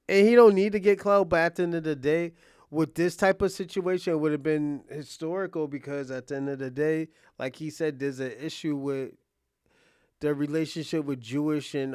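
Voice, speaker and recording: A young man casually commenting on an interview clip, rambling and thinking out loud with many restarts. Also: on the high side, clear, resonant tone, no room sound, clean studio sound. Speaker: reaction streamer.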